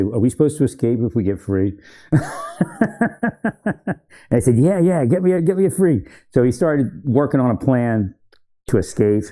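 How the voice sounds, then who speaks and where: A man's voice: mid-range voice, dark tone. A man casually telling old army training stories, rambling, correcting himself and laughing often. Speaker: military veteran storyteller. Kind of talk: casual storytelling.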